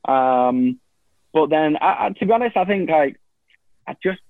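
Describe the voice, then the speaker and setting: Over a video call, an English man gives long, casual answers as an interview guest, rambling with lots of restarts and fillers. His voice is fairly high and animated at a measured pace. The line sounds tinny and phone-like, dry, with no room sound.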